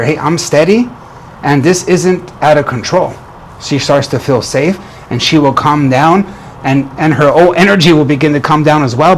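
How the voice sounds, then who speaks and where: An earnest man coaching other men on relationships, his voice sitting a little high. He often restarts and repeats his phrases as he talks. Faint noise hums behind him. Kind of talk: motivational talk to camera.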